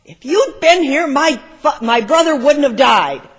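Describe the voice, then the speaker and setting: A young woman cries out in anger and grief, her voice pitched high and loud, as a man preaching acts her out. The words ring out with force and carry a long echo through a big sanctuary. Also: expressive, unhurried, exaggerated voice. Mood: angry, grieving. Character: grieving, angry young woman confronting Jesus. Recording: long church reverb.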